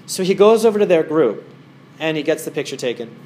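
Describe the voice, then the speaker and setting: A man's voice: a little high, lively intonation, fairly quick, darkish tone, slight background noise. A man giving a casual talk as a meditation teacher to a small group in a wellness center, rambling through stories with many fillers.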